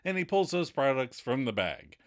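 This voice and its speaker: A man's voice: medium pitch, moderate pace. A man co-hosting a podcast, recapping scenes in casual chat and acting out the quoted lines. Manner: acts out quoted lines with lively voices. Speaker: podcast co-host.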